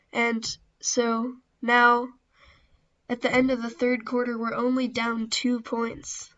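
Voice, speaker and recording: A woman talks through her basketball video game in casual play-by-play. Her voice sits a little high but stays flat and even, with little rise or fall. The recording is dull and lo-fi, like a home voice-over. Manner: steady, understated play-by-play with self-deprecating asides. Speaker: gaming channel host.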